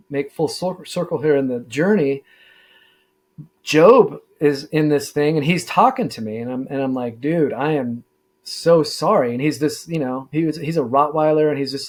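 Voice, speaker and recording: Man, middle-aged, interview guest, halting, filler-heavy, average pitch. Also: a little mellow. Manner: halting, many fillers and restarts. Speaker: guest, former deputy sheriff. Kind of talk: casual interview storytelling.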